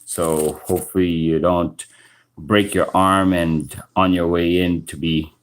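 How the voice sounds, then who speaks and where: Slow-talking man, rambling story. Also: low-pitched, little pitch movement, poor audio. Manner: rambling, halting restarts, frequent "you know" and "right". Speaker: live stream host. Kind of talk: casual storytelling monologue. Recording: informal live stream audio.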